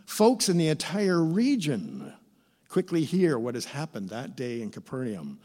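A middle-aged man preaching a sermon as pastor, with expressive, theatrical emphasis. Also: fairly high pitch, measured pace. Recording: reverberant church hall.

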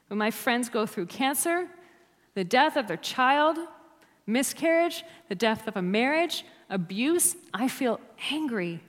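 A woman preaching a sermon to a church, emphatic and dropping to near-whispers on key words. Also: a little high. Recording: long hall reverb.

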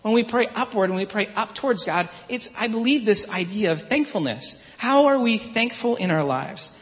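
A man in his thirties preaches in an easy, earnest, anecdotal way, his voice sitting slightly higher than typical for a man. He talks like a pastor chatting with his congregation. The sound rings out with a long reverb, as in a large church hall. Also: expressive, normal speed. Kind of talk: conversational sermon.

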